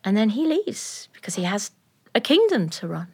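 A woman telling a folk tale live in a studio, animated and playful, with laughing asides. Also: mid-range voice, normal speed, slightly rough. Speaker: storyteller. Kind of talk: live oral storytelling. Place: recording studio.

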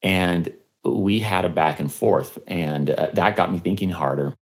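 Deep-voiced guy on a podcast interview, lots of uhs and restarts, low and steady. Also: a little slow. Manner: hesitant, many fillers and restarts. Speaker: historian and podcaster, interview guest. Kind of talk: conversational interview storytelling.

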